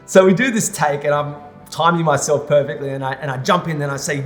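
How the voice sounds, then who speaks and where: A young adult man telling a personal story in an animated monologue, acting out the other people's lines. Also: a little high, brisk, soft background music. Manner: animated, re-enacts scenes with lively quoted voices. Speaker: vlogger.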